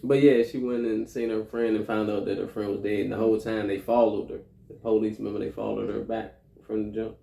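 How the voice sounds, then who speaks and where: Gravelly-voiced man recapping a movie. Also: lowish voice, fairly quick, few pauses, reverberant. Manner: animated retelling, profane, acts out quoted lines. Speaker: movie review co-host. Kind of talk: casual chat.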